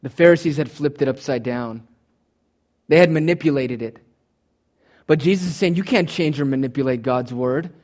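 A man's voice: medium pitch, moderate pace, long pauses, darkish tone. A man preaching a sermon, teaching from Greek words with emphatic, swinging delivery and touches of humor. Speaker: pastor.

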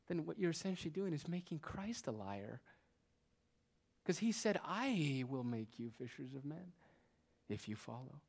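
Male pastor, mid-pitched, preaching; dynamic swings from hushed to loud emphasis. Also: expressive, normal speed. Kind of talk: sermon. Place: church.

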